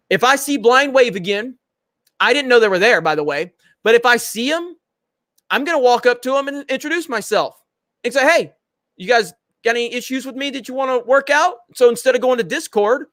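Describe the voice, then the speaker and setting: A man's voice: very high voice, a bit bright, no room sound, clean studio sound. A man hosting a casual livestream chat, blunt and confrontational, with frequent swearing. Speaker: show host.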